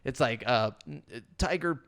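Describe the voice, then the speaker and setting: A man's voice: medium pitch, unhurried, a bit bright. A young man co-hosting a casual gaming podcast, rambling with fillers and frequent laughs. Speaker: podcast co-host.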